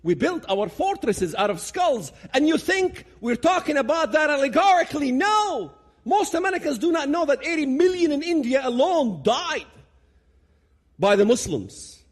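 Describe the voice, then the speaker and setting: A man's voice: extremely high pitch, very animated, moderate pace. Impassioned man. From Palestinian territories. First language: Arabic. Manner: dramatic, emphatic, builds to loud peaks. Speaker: public speaker. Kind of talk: impassioned public talk.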